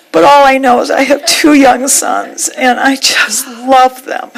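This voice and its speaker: A woman minister giving a sermon, telling a heartfelt story with measured pauses. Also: high-pitched, little pitch movement, gravelly, rough recording.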